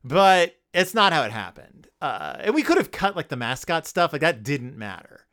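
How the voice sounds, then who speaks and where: A man's voice: a little high, sing-song, moderate pace, a bit bright. A man hosting a comedic podcast, reviewing a children's book with sarcasm and goofy character voices. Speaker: podcast host.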